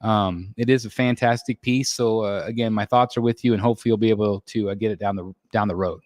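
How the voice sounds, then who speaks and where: A man from the United States hosting a casual live stream, reading out chat and chatting in a relaxed way full of fillers and restarts. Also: on the low side, fast, no room sound, studio quality. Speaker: livestream host reading chat. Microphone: desk microphone.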